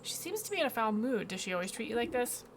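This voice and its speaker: A woman voicing a calm, businesslike female witch in a video game, polite and matter-of-fact. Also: a little high, quick pace, vocal fry, a little hiss or hum.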